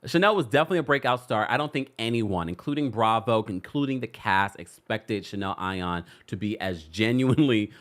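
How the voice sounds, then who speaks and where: A man's voice: fairly low pitch, expressive, brisk, few pauses, a bit bright. A man hosting a celebrity gossip show, chatting casually with his live audience in a playful, teasing way, laughing often. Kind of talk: casual commentary to a live chat.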